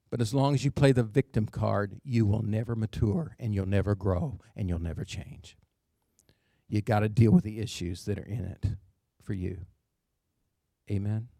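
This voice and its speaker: A man's voice: fairly low pitch, normal speed, creaky, darkish tone, no echo, clean studio sound. A man preaching a sermon as pastor, emphatic, with call-and-response asides and phrase endings that drop to a near whisper.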